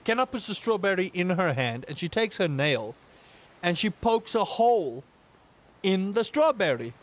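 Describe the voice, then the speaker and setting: A man's voice: high voice, moderate pace. A young man with a rambling, exaggerated storytelling manner, chatting casually while playing a game. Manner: animated storyteller, exaggerated outbursts, rambling asides. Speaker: gaming YouTuber.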